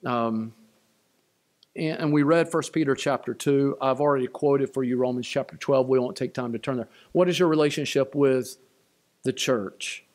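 A man's voice: medium pitch, normal speed, a little mellow. A man preaching a sermon as pastor of his church, emphatic and repeating key lines. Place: church sanctuary.

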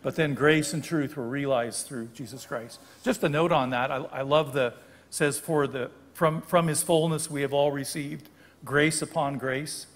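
A man's voice: a little high, fairly even intonation, moderate pace, big-room sound. An older man giving a guest sermon in a church, explaining scripture in a conversational way and correcting himself now and then. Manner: explanatory, conversational preaching with small self-corrections. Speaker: guest preacher. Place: church sanctuary.

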